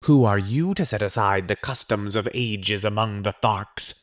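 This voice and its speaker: A man's voice: on the low side, moderate pace, lightly acted. A man voicing an old, stern male green Martian chieftain who speaks in a cold, hard voice. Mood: indignant.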